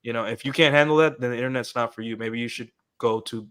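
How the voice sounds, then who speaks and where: A man's voice: medium pitch, quick pace, a bit bright, smooth. A man co-hosting a podcast, talking in a loose, rambling way with many restarts. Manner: rambling, full of restarts and fillers. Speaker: podcast co-host. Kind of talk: casual podcast discussion.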